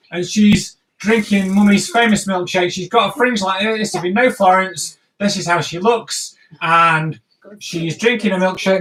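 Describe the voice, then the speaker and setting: A man's voice: high-pitched, pushed and bright, rough recording. A man hosting a live drawing stream, chatting playfully and narrating each sketch as he draws.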